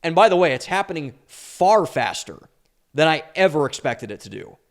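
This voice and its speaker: A young male podcast host delivers a solo commentary monologue in a somewhat high voice. He talks with opinionated energy and leans hard on key words, stretching them out for emphasis. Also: big pitch swings, normal speed. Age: young adult. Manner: emphatic, drawing out stressed words.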